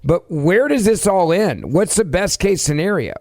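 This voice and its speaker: A man co-hosting a political talk show, asking his guest pointed questions in an animated way. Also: sits high, normal speed, no echo, clean studio sound. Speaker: podcast co-host, interviewer.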